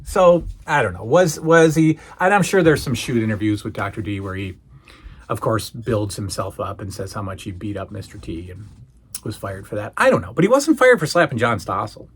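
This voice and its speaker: Guy with a husky voice doing a loose solo recap, voice jumps all over the place as he tells it. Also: lowish voice, moderate pace. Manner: animated storytelling, acting out quoted lines. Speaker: podcast host reviewing old wrestling shows.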